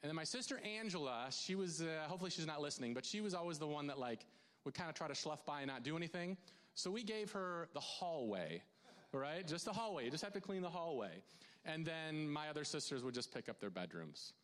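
A man preaching a conversational sermon to his congregation, chatty and animated, with many restarts and asides to the crowd. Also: on the high side, fairly quick. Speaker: pastor. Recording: long hall reverb.

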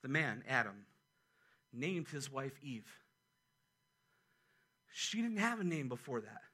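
A man preaching a sermon as pastor, animated and conversational, with quick asides to his church. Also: mid-range voice, slightly rough. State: a little out of breath.

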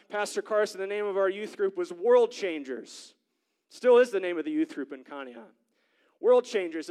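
High, clear-voiced male pastor preaching. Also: darkish tone. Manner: conversational preaching with personal stories, rising to fervent exhortation. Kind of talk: sermon. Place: church sanctuary.

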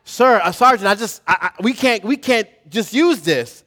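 A man's voice: sits high, lively intonation, moderate pace, fairly bright tone, voice pushed up. A frightened young soldier, as a preacher acts him out, stammering and whining. He pleads with his sergeant and makes excuses in a mopey, reluctant voice. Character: scared, whiny young soldier who won't fight.

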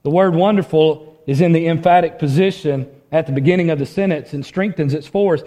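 Guy preaching with a fairly high voice, earnest, gets loud then goes quiet, repeats himself a bit. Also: a little fast. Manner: earnest preaching, swings from loud emphatic to hushed; repeats words when restarting. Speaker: pastor. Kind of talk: sermon.

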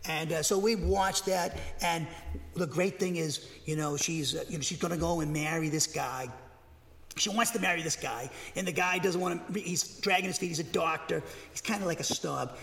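A man's voice: a little high, moderate pace, a bit bright. An older man preaching a sermon, telling stories in a rambling, folksy way with sudden bursts of emphasis. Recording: long hall reverb.

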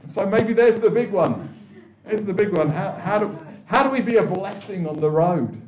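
Man, conversational sermon, slightly high voice, roomy dull recording. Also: animated, normal speed, a little mellow. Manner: conversational, with many restarts and quoted voices. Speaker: pastor. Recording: echoey, dull church recording.

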